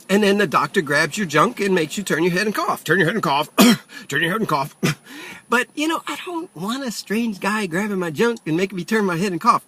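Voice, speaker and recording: A man's voice: fairly high pitch, a bit bright. An older retired man telling a rambling, self-mocking comic story. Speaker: retiree ranting. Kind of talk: comic monologue.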